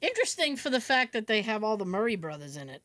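A woman chatting on a podcast, her voice bouncing lively up and down as she tells stories and mimics people. the sound is close and dry with no room around it. she comes across as easygoing and talkative. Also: mid-range voice, fast talker, no room sound. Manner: chatty storyteller with lively voice impressions. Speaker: podcast co-host. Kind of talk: casual chat.

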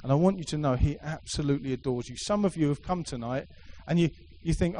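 A man's voice: fairly high pitch, quick pace, few pauses, dark tone, a little hiss or hum, rough recording. A middle-aged man preaching a sermon to a congregation, emphatic and repetitive, with playful asides. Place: church hall with a live congregation.

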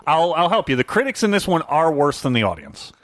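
Lively, expressive male podcast co-host. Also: on the high side, dry recording. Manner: expressive, emphatic, quick reactions. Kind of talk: casual movie review chat.

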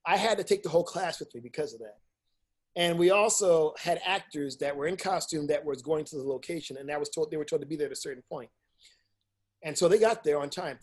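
A middle-aged man with a fairly high pitch and a breathy edge speaks fairly quickly in a casual interview. An independent filmmaker and teacher, he shares stories bluntly and energetically, swearing freely and imitating what people said.

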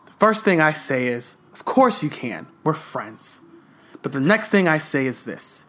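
A man co-hosting a podcast in casual chat, ranting with passion and swearing a lot, a little rough around the edges. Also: on the high side, sing-song, unhurried, bright, forceful tone. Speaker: podcast co-host.

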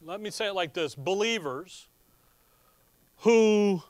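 A man preaching a sermon, reading scripture and explaining it in a folksy, animated way. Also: high voice, slow pace, no room sound.

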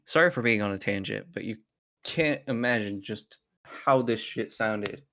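A man's voice: on the low side, moderate pace, a bit bright. Profane man reading a scary story. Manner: profane, breaks off into side chatter. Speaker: podcast host reading a horror story. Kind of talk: casual story reading with banter.

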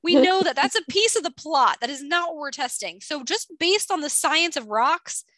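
Woman, podcast co-host, high bright voice, dry close sound, chatty. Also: moderate pace, no room sound. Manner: chatty, animated, lots of "like". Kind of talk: casual science chat.

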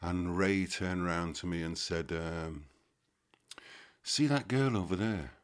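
Older Liverpool man, very deep voice, rambling and halting guest storyteller. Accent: Liverpool (Scouse). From Liverpool, England. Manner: halting, many fillers and restarts. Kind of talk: casual recollection.

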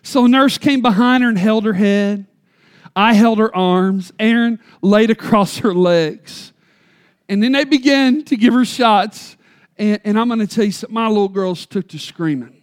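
A man's voice: high voice, moderate pace, smooth. A man, preaching a sermon in church with emphatic storytelling. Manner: storytelling, emphatic, varies loudness for effect. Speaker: pastor.

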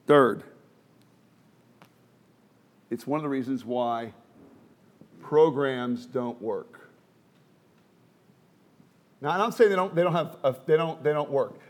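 A man's voice: takes it slowly, long pauses. Middle-aged male pastor, joking and earnest. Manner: conversational with self-deprecating humor, many restarts and fillers; swings from quiet, low asides to raised, emphatic exhortation. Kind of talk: sermon.

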